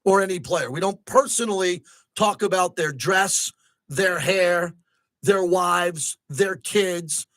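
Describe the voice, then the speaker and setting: Excitable sports radio host guy, high voice, dry close studio mic. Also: slow, no room sound. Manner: excitable, rising to near-shouting when riled. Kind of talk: sports talk radio monologue.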